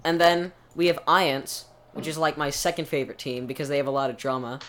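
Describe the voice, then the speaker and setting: Guy rambling thru a long explainer on a podcast, lots of ums and restarts, mid pitch, a little background hiss. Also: fairly even intonation, fairly bright tone. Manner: rambling, halting, many restarts and fillers. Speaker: podcast co-host. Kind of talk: casual chat.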